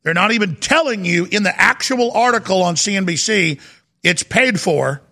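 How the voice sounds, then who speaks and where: A middle-aged man hosting a talk show, ranting and mocking, sometimes rising to a shout. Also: high-pitched, lively intonation, normal speed. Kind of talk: heated political talk show monologue.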